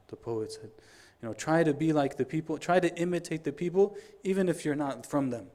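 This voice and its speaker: A middle-aged man giving a Friday sermon, telling stories in an animated way, acting out the dialogue and reciting quotations quickly. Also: on the high side. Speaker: preacher.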